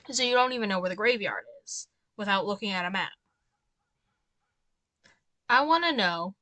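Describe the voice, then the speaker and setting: A woman's voice: on the high side, a bit bright, no room sound. A young woman giving casual let's-play commentary, chatty and given to exasperated ranting asides. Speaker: gameplay commentator.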